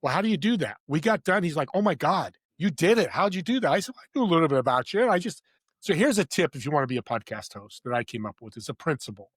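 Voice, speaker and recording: A man's voice: a little high, big pitch swings, fast talker, husky, no echo. A man talking as an interview guest, telling stories with eager emphasis in casual chat. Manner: enthusiastic, storytelling, emphatic. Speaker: podcast host and guest.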